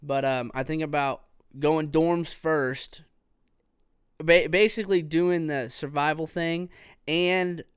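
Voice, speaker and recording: A man hosting a casual solo podcast, rambling in a relaxed way with plenty of fillers. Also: on the high side, slow, clean tone, dry recording, clean studio sound. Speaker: podcast host. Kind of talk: casual solo gaming talk.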